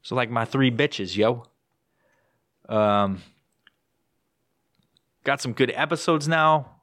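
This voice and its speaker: A young man rants into his home podcast microphone, swearing nearly every sentence and doubling back mid-thought. His voice sits at an ordinary middle pitch for a man, jumping high when he acts out his own frustration. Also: slow pace, no room sound, studio quality. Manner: profane, rambling, swears constantly; jumps into high excited voice when quoting himself. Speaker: podcast host. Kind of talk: casual solo podcast rant. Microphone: podcast microphone with headphones.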